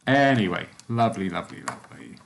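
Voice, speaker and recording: A man leading a church group's guided meditation, then chatting casually with them in a gentle, soft-spoken way. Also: fairly low pitch, animated, fast talker, creaky, slight background noise. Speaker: spiritualist church meditation leader.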